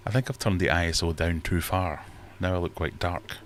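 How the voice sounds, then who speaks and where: A man's voice: low-pitched, fairly even intonation, brisk, a little hiss or hum. A man hosting a casual livestream from his fish room, rambling and self-deprecating as he reads chat aloud. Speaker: livestream host.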